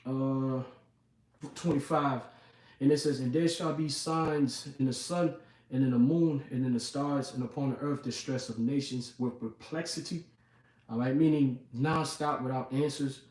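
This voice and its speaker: In an informal sermon, a man with a medium-pitched, darkish voice reads scripture and chats through it, frequently addressing listeners and repeating "man" and "you know what I'm saying." The room echoes and the mic is distant.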